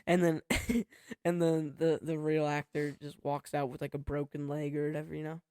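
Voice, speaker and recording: A man's voice: a little high, flat delivery, normal speed, darkish tone, smooth, no echo, clean studio sound. A young man co-hosting a podcast in casual chat, hesitant and often trailing off with fillers. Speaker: podcast co-host.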